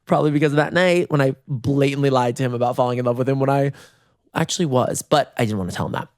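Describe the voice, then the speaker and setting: A man in his thirties hosting a podcast from his bedroom, telling funny stories in a lively way, jumping into high voices when acting out scenes. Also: fast talker, dry recording, clean studio sound. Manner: animated, acts out voices with big jumps in pitch. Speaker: podcast host. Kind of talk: comedic storytelling.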